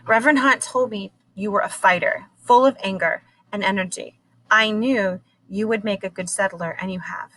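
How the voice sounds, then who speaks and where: A woman reading aloud as a badly wounded colonial captain, delivering his lines slowly, low and quiet. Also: low-quality recording. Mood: weary.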